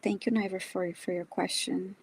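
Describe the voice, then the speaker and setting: A woman co-hosting a live psychic reading who speaks softly and quietly, close to a whisper. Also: mid-range voice, steady tone, normal speed, slightly rough, no echo. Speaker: co-host psychic reader. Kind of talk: live-stream chat.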